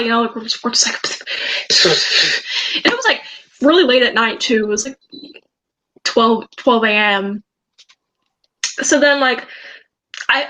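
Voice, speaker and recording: A woman's voice: sits high, bright, forceful tone, highs cut off, slight background noise. A teenage girl vlogger telling a story in a rambling, agitated way, with many restarts. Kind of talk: storytime vlog.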